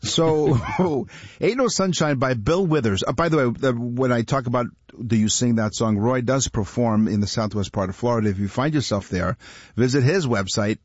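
A man co-hosting a casual trivia show, chatty and quick to laugh. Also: mid-range voice, dry recording. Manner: chatty, laughs often, animated. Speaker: co-host. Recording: dull dry studio sound.

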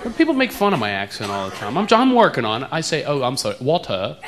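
A man's voice: fairly high pitch, wildly swooping pitch, fast talker, music in the background. A man from the eastern United States doing a stand-up routine, playfully mocking accents and stretching out words. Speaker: stand-up comedian. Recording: live club recording with loud crowd noise.

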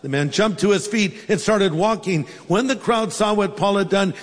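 A man preaches in a large church hall, his voice sitting high for a man. He tells stories and drops in humorous asides. A long reverb trails each phrase. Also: moderate pace, hardly any pauses. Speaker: pastor. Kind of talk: sermon.

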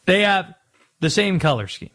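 Sports radio host, man, higher voice, swooping lively delivery, playful rants. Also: moderate pace, gravelly. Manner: animated, playful ranting.

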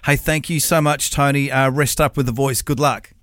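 A young man hosting breakfast radio, chatty and jokey, a little hoarse from a cough. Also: mid-range voice, fairly even intonation, moderate pace, a bit bright, dry recording, studio quality. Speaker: radio host. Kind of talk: casual breakfast radio chat.

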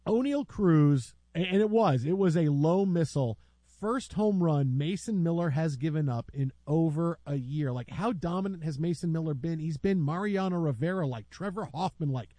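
Joking, high-voiced sports talk host man. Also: expressive, warm tone, no echo. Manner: joking, riffing, quick asides. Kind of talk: casual sports talk chat.

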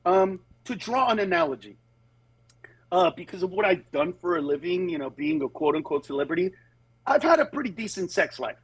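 Animated, high-voiced comedian telling stories. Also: male voice, fairly quick, husky, dry recording. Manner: animated storyteller who acts out other people's voices. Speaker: stand-up comedian. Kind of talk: casual podcast conversation.

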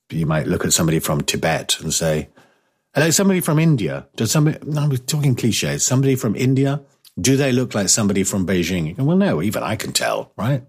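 Rambling British radio host, lowish voice. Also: male voice, lively intonation, fairly quick, slightly rough. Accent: British English. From Britain. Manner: rambling, with many fillers and restarts. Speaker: radio talk show host. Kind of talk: casual talk radio chat.

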